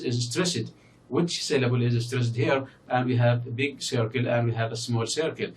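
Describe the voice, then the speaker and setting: A man whose first language is Arabic, teaching a recorded English lesson and explaining slowly with many fillers and repeated example words. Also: medium pitch, far from the mic, a little hiss or hum. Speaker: university English lecturer. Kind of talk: recorded distance-learning lecture.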